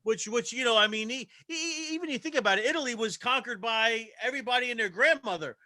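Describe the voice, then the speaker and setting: A man, a guest chef in a casual chat, talking quickly with many stammering restarts. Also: very high voice, bright, forceful tone, no echo. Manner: stammering restarts, talks fast.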